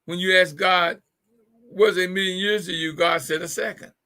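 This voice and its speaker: Man, middle-aged, live show host, joking, repeats punchlines, stumbles over words, bright tense tone. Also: sits high, fairly even intonation, moderate pace. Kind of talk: casual humorous talk.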